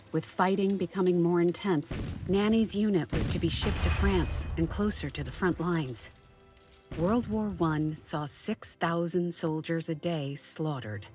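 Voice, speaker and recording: A woman narrating as a granddaughter, telling her grandmother's wartime story in a calm, measured way. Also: on the low side, lightly acted. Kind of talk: scripted documentary narration.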